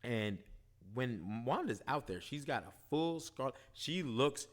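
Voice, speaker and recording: A man casually recapping and reviewing a TV episode, animated, asking "right?" often. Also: mid-range voice, slow, slight background noise. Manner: animated, retells scenes, quotes characters, frequent "right?". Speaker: show reviewer.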